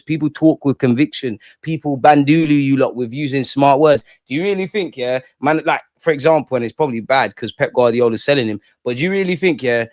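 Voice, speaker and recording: A young man with a medium-pitched, somewhat dark voice banters casually on a live stream, cracking jokes in slang as he reads the chat. He's in a room at home with the curtains shut, and the sound is clean and studio-like with no echo.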